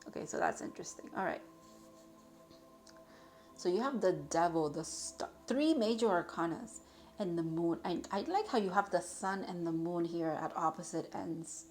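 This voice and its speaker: A woman's voice: lowish voice, moderate pace, darkish tone, soft background music. Chatty woman reading tarot cards. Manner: chatty, rambling, with frequent fillers and self-corrections. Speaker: tarot reader. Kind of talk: casual tarot reading to camera.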